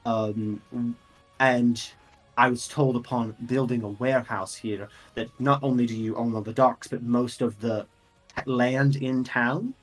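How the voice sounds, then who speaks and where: A man voicing a courteous, businesslike woman who represents a merchants guild in a tabletop game, speaking formally with hesitant pauses. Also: medium pitch, steady tone, soft background music, natural voice.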